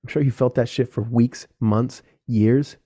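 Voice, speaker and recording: A man's voice: mid-range voice, steady tone, measured pace, mellow. A young man hosting a solo podcast, talking earnestly and directly to other men, casual and with some swearing. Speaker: podcast host.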